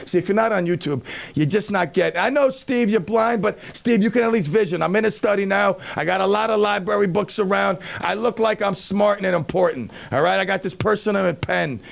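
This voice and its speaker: A man's voice: high voice, a little fast, vocal fry. A man hosting a radio talk show, bantering in a joking, self-mocking way into a studio microphone.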